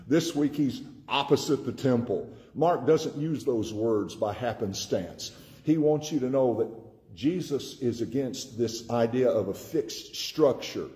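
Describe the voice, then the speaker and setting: Southern us pastor guy preaching, warm dark voice, drags out words to hit them hard. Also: medium pitch. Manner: emphatic preaching, slowing and repeating key words for stress. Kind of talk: sermon.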